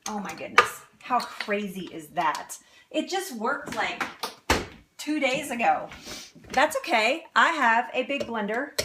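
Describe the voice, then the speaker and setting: Upbeat woman cooking host, home kitchen, slightly high voice, faint pan clatter behind. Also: expressive, slow pace, noisy background. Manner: chatty and upbeat, laughs often. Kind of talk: live cooking demonstration.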